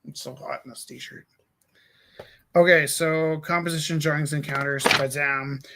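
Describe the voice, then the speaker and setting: A man's voice: a little high, flat delivery, unhurried, creaky, background noise. A man hosting a live art stream in casual chat, joking and acting out little back-and-forth dialogues as he tells stories. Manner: joking storyteller who acts out little dialogues.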